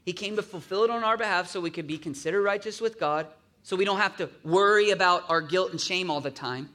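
Bright high-voiced man preaching. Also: fairly quick. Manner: conversational, asks listeners to agree; acts out grumbling voices in asides. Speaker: pastor. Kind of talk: sermon.

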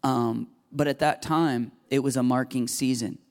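A man's voice: medium pitch, steady tone, unhurried. A man in his thirties preaching a sermon as a pastor, earnest and confessional, acting out quoted prayers.

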